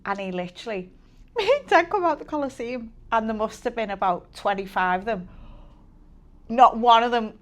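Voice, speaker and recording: A middle-aged woman chats on a podcast with her daughter, spinning stories and acting out the people in them. Her voice sits a touch high. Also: expressive, normal speed. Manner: chatty storyteller, acts out quotes. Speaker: co-host, mother. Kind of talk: casual chat podcast.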